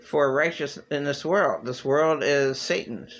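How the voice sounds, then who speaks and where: Man, vlogger, raspy gravelly voice, slightly high, agitated rambling religious rant. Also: measured pace, a bit bright. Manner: agitated, bitter ranting with sudden pitch leaps.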